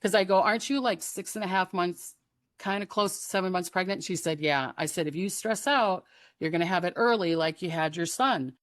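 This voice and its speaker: A woman tells a story in a lively, casual way, slipping into the voices of the people in it and laughing often. Her voice sits a little low, and the sound is dry and close. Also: a little fast, no room sound. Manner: animated, acts out quoted voices, laughs often. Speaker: psychic guest.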